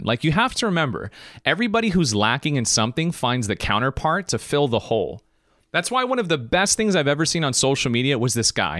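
A man hosting a podcast stream, talking in a lively, preachy way about life. His pitch jumps around. He speaks straight to his viewers in a dry room. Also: no room sound. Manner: animated, preachy, talks to viewers directly. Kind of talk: casual motivational talk.

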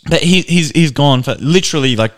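A man's voice: a little high, brisk. A young man, a podcast co-host, telling an anecdote in a casual chat and acting out the people in it. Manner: animated, mimics voices in anecdotes.

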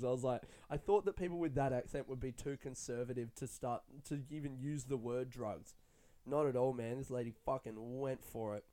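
A young adult man, a stand-up comedian, rambling in a casual, excitable monologue full of swearing. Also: mid-range voice, normal speed. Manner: profane, chatty, excitable.

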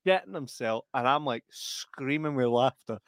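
A man's voice: mid-range voice, expressive, normal speed, dry recording. Guy cracking himself up telling stories, dry close sound. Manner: laughs heavily while telling anecdotes. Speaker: podcast co-host. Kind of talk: casual chat, storytelling.

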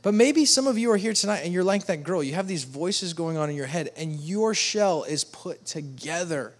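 A man's voice: a little high, lively intonation, moderate pace. A man preaching a sermon to a congregation in an earnest, pleading manner, raising his voice to act out quoted speech. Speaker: pastor.

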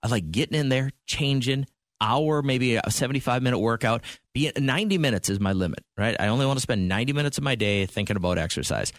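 A man co-hosting a radio show, chatting casually and telling funny stories in a joking, lively way. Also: mid-range voice, fast talker, no room sound, studio quality. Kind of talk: casual morning radio banter.

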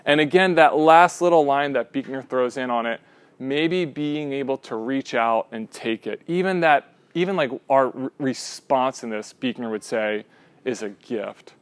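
A young man leading a teaching discussion, animated and often checking in with a quick "right?", sometimes restarting mid-sentence. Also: medium pitch, no echo. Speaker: class leader.

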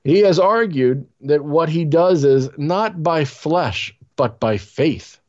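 A man's voice: a little high, expressive, takes it slowly, highs cut off. A man co-hosting a casual comedy podcast, reading a news story aloud with jokes and put-on voices for the quotes.

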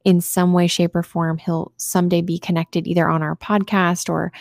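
Woman in her 30s, low gravelly voice, earnest storytelling on a faith podcast, dry close mic. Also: flat delivery, moderate pace, a little mellow, no echo. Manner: earnest storytelling, reads prayer text aloud. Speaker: podcast co-host. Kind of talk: casual faith chat.

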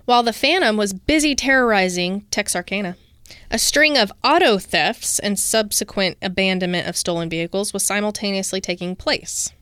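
A woman's voice: medium pitch, moderate pace, a bit bright, clear, resonant tone, no echo, clean studio sound. A woman co-hosting a podcast, telling a true-crime case from notes and dropping into casual asides. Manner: reads researched notes, breaks into casual asides. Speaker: podcast co-host.

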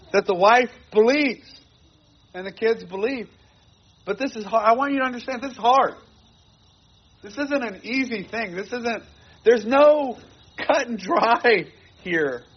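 A man's voice: sits high, a little slow, long pauses, husky, lo-fi sound. A man preaching a sermon to his congregation, earnest and repeating phrases for emphasis. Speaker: pastor.

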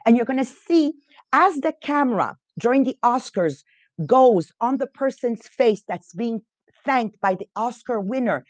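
A woman's voice: a little high, lively intonation, a little mellow, dry recording. A woman hosting a podcast, teaching in a casual way and often stopping to restart her sentences. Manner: halting, restarts often, unsure of pronunciation. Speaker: podcast host leading a reading group.

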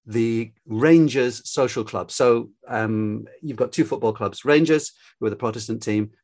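An older man from Scotland, his light Glaswegian accent carried by a medium-pitched, slightly mellow voice, talks at a measured pace. He's a storytelling guest in a relaxed interview, thoughtful and prone to anecdotes.

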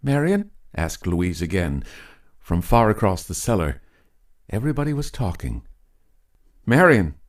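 A man narrating a written story in a measured, deliberate storytelling manner. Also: low voice, big pitch swings, darkish tone. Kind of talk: scripted narration.

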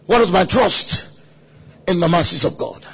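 High husky pastor preaching. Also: male voice, a little slow. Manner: dramatic storytelling, acts out quoted voices, sudden shouts. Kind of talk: sermon. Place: conference hall.

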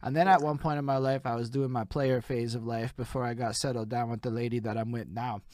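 A man's voice: mid-range voice, fairly even intonation, a little fast, a little mellow, no echo, clean studio sound. A man from Quebec in casual, profane, jokey conversation as a podcast host. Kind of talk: casual chat.

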